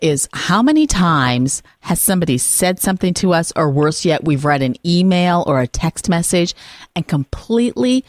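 A woman hosting a Catholic radio discussion program, talking in an expressive, earnest, emphatic way. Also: lowish voice, moderate pace, no room sound, clean studio sound. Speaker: radio host.

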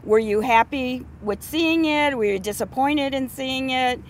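A woman from Ohio with a fairly high voice asks a question from the audience. She is friendly and slips in a small joke. Faint outdoor ambience sits behind her. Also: unhurried, slight background noise. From Ohio, USA.

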